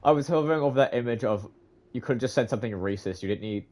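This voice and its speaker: A male streamer chatting casually during a live competitive shooter game, swearing freely, laughing and breaking into sudden shouts. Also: mid-range voice, racing, slight background noise.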